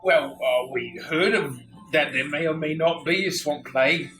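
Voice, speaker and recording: A man playing a character in a tabletop game, excitable and quick with questions. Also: on the high side, faint music behind. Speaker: player. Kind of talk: in-character tabletop role-play.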